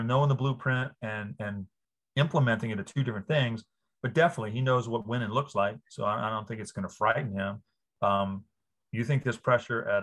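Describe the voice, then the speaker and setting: A man in his fifties from Louisiana, a sportswriter guest on an interview, telling stories with lively enthusiasm. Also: mid-range voice. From New Orleans area, Louisiana. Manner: enthusiastic, animated storyteller. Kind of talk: casual interview.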